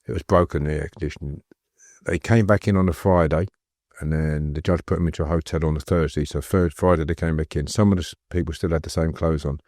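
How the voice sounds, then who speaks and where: A man's voice: very deep voice, fairly even intonation, quick pace, darkish tone, dry recording, studio quality. A middle-aged man, a guest recounting stories in a rambling, anecdotal way. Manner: rambling, anecdotal, laughs while telling stories. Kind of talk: casual storytelling interview.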